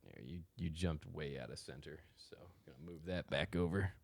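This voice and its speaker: A man's voice: rumbling low, moderate pace, creaky, darkish tone, no echo. A man co-hosting a casual podcast chat, teasing his partner with dry humor and laughing often. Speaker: podcast co-host. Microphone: studio microphone.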